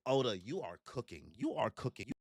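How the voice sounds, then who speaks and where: At a moderate pace and medium pitch, a young man gives live reaction commentary on a manga chapter, full of slang and jokes. He's animated and performs the characters in put-on voices, captured in a dry recording with clean studio sound.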